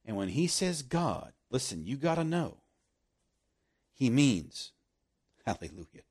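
A man preaching a sermon, swinging from loud emphasis down to hushed, almost whispered lines. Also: mid-range voice, big pitch swings, slow pace, husky.

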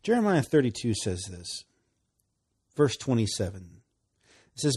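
A man preaching with a husky voice that swings up and down in pitch. He reads scripture aloud, laughs often and drops to quiet asides between louder lines. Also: measured pace, long pauses. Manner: animated, laughing often, dropping to soft asides. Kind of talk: sermon.

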